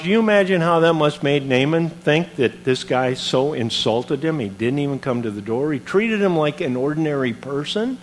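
A man preaching a sermon, retelling a Bible story in an animated, conversational way with modern comparisons. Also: on the high side, normal speed, hardly any pauses.

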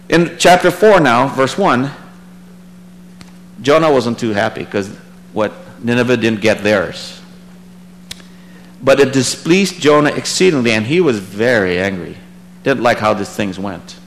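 A man teaching a Bible passage in a sermon, reading verses aloud and then commenting in a relaxed, conversational way, his voice rising for emphasis. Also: low-quality recording. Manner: animated, rises in pitch and volume for emphasis. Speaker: preacher.

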